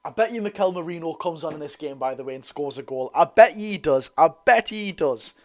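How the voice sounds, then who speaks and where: A young man with a Geordie accent giving excitable, bantering live commentary on a football match while reading out viewer comments. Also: a little high, fairly quick. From North East England. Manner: excitable, banter-filled, reads chat aloud. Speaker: football channel host.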